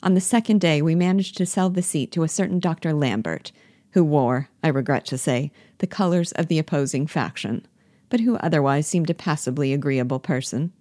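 Prim gentle old-school schoolmaster, read by a woman. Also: deep voice, a little fast, no echo, studio quality, close to an everyday voice. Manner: gentle, formal, precise. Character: middle-aged schoolmaster, prim, gentle, complacent. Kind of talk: play reading.

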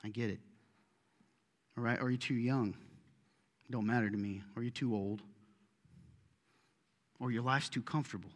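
A middle-aged man preaching a sermon to his congregation, swinging between loud bursts and hushed asides. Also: medium pitch, steady tone, moderate pace, pauses often. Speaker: pastor. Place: church auditorium. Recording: reverberant hall.

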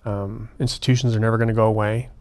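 A man's voice: on the low side, quick pace. Guy telling a prison ministry story, earnest, acts out the quotes. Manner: earnest, animated retelling with quoted dialogue. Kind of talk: conversational storytelling.

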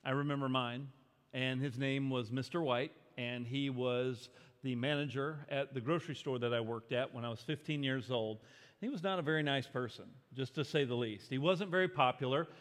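A man's voice: mid-range voice, moderate pace. A man from Arkansas preaching a sermon, telling a personal story in a conversational, self-deprecating way with frequent fillers. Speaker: pastor. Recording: long reverb of a big hall.

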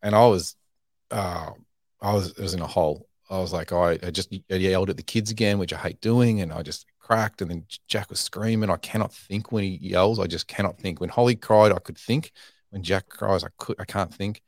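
Man, thirties, very low voice, dry close sound, frank and self-deprecating, podcast guest chatting. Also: a little fast, dry recording. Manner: frank, self-deprecating, restarts his phrases. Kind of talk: candid conversational storytelling.

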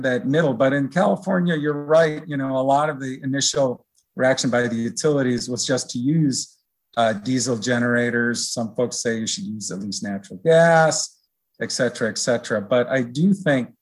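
A middle-aged man as an interview guest, explaining in a relaxed, rambling way with many fillers. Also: mid-range voice. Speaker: research director guest. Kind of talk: conversational interview.

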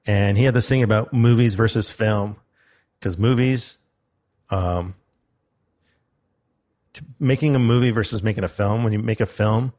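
A man's voice: on the low side, moderate pace, long pauses. A young man in casual chat, telling a story about a seminar he went to. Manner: storytelling, quoting a loud instructor in his telling.

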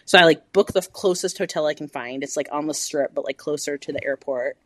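A woman from the American Midwest with a fairly low voice recounts a story on a podcast. She talks casually and acts out everyone's lines, with the odd swear word. The sound is close and dry. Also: fairly quick, dry recording. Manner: animated, acts out quoted dialogue, swears casually. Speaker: podcast co-host.

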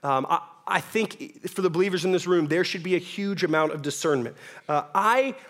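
A man's voice: sits high, moderate pace, fairly bright tone. A young man preaching a sermon in a church, casual and joking, often asking "right?". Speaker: pastor. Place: church hall with audience.

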